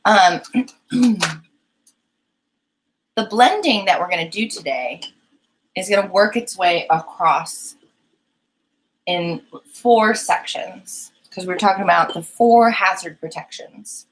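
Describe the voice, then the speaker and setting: A woman's voice: mid-range voice, slow, pauses often, rough recording. A young woman hosting a painting live stream, chatting casually and giggling as she talks to her chat. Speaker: painting livestream host.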